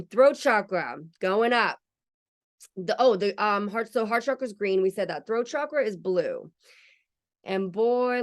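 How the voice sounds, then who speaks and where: A woman hosting a casual spiritual podcast, chatty and candid, swearing freely. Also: mid-range voice. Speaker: podcast host.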